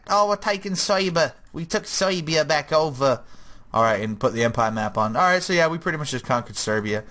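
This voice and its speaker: A man's voice: fairly high pitch, sharp tone. A young man giving casual, rambling gameplay commentary, chatty and jokey.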